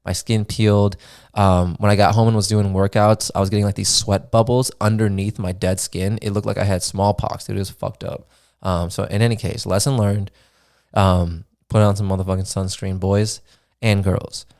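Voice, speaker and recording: A young man talks loosely into his podcast mic, his voice sitting a bit low. He rambles through a story with plenty of "dude", "man" and swearing, relaxed and unhurried. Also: gravelly. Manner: laid-back, swears freely, many fillers like "dude" and "man". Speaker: podcast host. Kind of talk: casual solo podcast storytelling.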